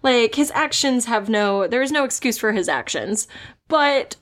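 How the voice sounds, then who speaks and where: A woman's voice: a little high, expressive, measured pace, fairly bright tone. Giggly woman telling cryptid stories. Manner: giggly, rambling storyteller. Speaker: podcast co-host. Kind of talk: casual chat.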